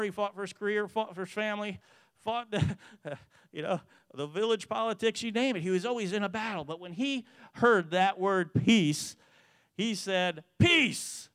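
A man giving an earnest testimony to a church, telling the story in a way that grows animated. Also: high voice, fairly quick, clean tone, no echo. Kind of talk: testimony sermon.

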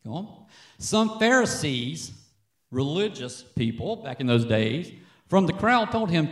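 A man's voice: on the high side, sing-song, measured pace. A man preaching, regularly calling out "Amen?" to the congregation in a church. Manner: conversational preaching, frequent "Amen?" call-outs. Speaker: worship leader. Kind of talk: sermon. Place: church sanctuary. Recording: echoey church from a distance.

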